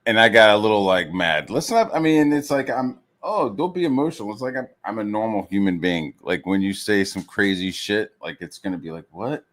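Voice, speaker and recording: Streamer, male, deeper voice, heated swearing rant, mocks others. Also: animated, fairly quick, few pauses, a bit bright. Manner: heated, swears constantly, full of fillers. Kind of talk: profane rant.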